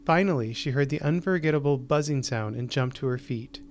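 A man hosting and narrating a short story, reading in a measured, deliberate way with slowed pauses. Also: mid-range voice. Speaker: host and narrator.

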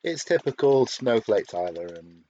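A man's voice: medium pitch, sing-song, a little slow, mellow, muffled recording, a little hiss or hum. A man co-hosting a podcast, chatting casually and hesitantly, with many restarts. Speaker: podcast co-host. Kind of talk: casual episode review chat.

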